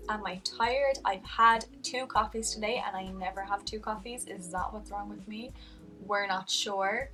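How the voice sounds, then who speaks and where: A young woman vlogs in an earnest, rambling way, often restarting her sentences. Her voice is bright and sharp. She sits a little back from the mic, with faint music underneath. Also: mid-range voice, steady tone, normal speed, distant mic. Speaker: vlogger. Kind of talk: heartfelt casual vlog.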